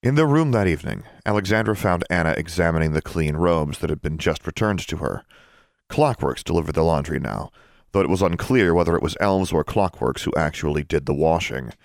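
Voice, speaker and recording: A man reads a novel aloud in a very low, deep voice, measured and even. The recording is close and dry, with no room sound at all. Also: dry recording. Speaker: audiobook narrator. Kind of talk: scripted narration.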